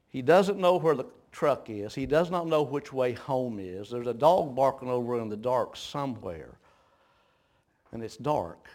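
A man preaching a folksy sermon, telling homespun stories, chuckling often and stumbling over repeated words. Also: medium pitch.

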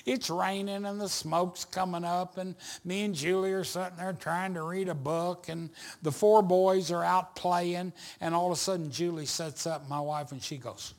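A man preaching a sermon, telling a folksy story and building to loud emphatic points. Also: high-pitched, steady tone, moderate pace, vocal fry. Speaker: pastor.

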